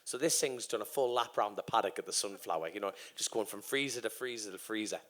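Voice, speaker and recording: On stage at a live podcast show, a guest racer in his thirties spins a lengthy, profanity-laced story and imitates the voices of its characters. He talks fast, with a fairly low and slightly bright voice.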